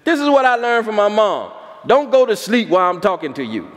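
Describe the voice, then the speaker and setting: Preaching a sermon, a male pastor uses a high, sing-song voice that climbs and swoops at a fairly quick pace. He tells stories and keeps putting questions to the congregation, and a long echo trails his voice through the church hall.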